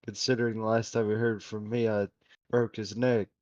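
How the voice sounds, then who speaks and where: A man's voice: on the low side, flat delivery, normal speed, darkish tone, dry recording, muffled recording. A man playing a tabletop game, speaking hesitantly in character. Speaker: player. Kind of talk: in-character tabletop role-play.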